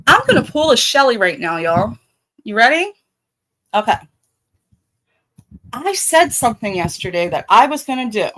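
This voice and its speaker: A woman's voice: medium pitch, a bit bright, low-quality recording. A middle-aged woman with a Baltimore accent hosting a casual livestream, blunt and profane, talking straight to her chat. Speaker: livestream host.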